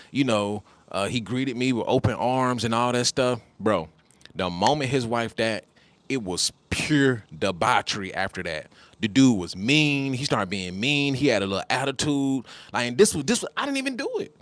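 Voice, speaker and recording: A man telling a personal story in a casual monologue, animated and repetitive, often calling the listener "bro". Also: medium pitch, dry recording. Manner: animated, repeats phrases, addresses listeners as bro.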